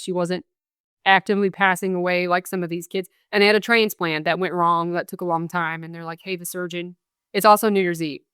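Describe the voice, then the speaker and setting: Young adult woman, podcast guest, low smooth voice, earnest storyteller who quotes others. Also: no room sound, studio quality. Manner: earnest, recounts events with quoted dialogue. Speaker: guest, bereaved mother.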